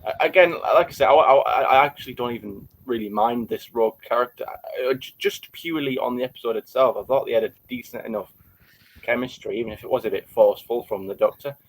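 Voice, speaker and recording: A man's voice: medium pitch, quick pace, low-quality recording. A man co-hosting a casual podcast discussion, hesitant, repeating words and restarting his sentences. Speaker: podcast co-host.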